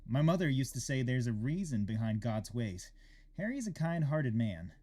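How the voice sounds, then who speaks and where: A man's voice: medium pitch, very animated, normal speed, dark tone. A man reading aloud the inner thoughts of a young man in a pixel horror game. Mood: wistful.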